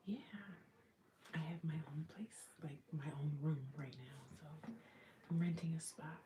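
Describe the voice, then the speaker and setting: Softly whispering woman on a home livestream. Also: fairly even intonation, unhurried, a little hiss or hum. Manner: talking very low, mostly whispered. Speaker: livestream host. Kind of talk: casual livestream chat. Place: small rented room in a shared house.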